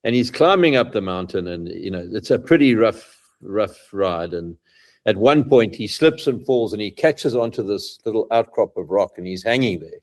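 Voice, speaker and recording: A man hosting a podcast, telling a lively anecdote and asking his guest questions. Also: on the low side, moderate pace. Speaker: podcast host. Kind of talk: casual podcast interview.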